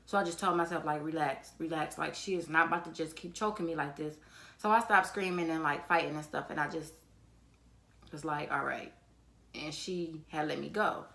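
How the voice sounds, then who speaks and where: A woman's voice: low voice, moderate pace, creaky. A young woman from the telling a storytime, swearing freely and acting out what people said. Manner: animated, swears freely, acts out quotes in a raised voice. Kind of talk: casual storytelling to camera.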